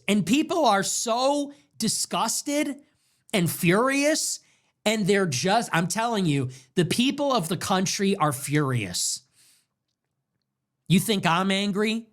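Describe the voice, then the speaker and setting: A young man hosting a political show launches into a heated rant. His voice sits high with a fairly bright tone, and he keeps hammering the same rhetorical questions over and over.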